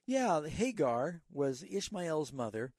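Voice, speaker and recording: On a Bible call-in radio show, a man fields listeners' questions like a patient teacher, earnest and instructive, with a storytelling aside. His voice is mellow, warm, a little high and very animated, and he takes it slowly. The studio recording is dry and close, with no echo.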